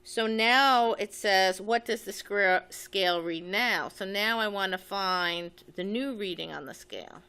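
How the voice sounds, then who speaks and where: Woman, physics teacher, bright clear voice, methodical, thinks aloud while working. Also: medium pitch, a little slow, few pauses. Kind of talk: step-by-step physics lesson.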